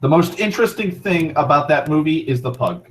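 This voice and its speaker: A young man hosting an online talk show, rambling casually with frequent profanity, restarts and excited tangents. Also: on the high side, fairly quick, poor audio. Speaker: internet talk show host.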